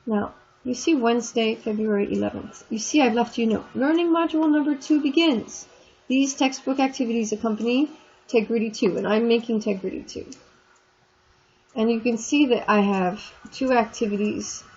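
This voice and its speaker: A woman's voice: fairly high pitch, normal speed, a little mellow. A woman teaching a French class in a recorded online lesson, explaining in a chatty way and stretching out the French words. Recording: dull lo-fi screen recording with faint noise.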